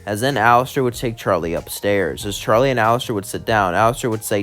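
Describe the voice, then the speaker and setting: Low-voiced male fan-story narrator. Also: fast, few pauses, faint music behind. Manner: chains clauses with "as" and "would".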